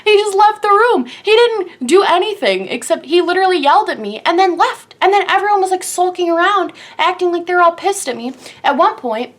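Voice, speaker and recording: A woman's voice: very high-pitched, expressive, a little fast, hardly any pauses. A young woman vlogger telling a personal story in a dramatic, gushing way, filling her speech with "like". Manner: dramatic, breathless retelling, heavy use of "like". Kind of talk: storytime vlog.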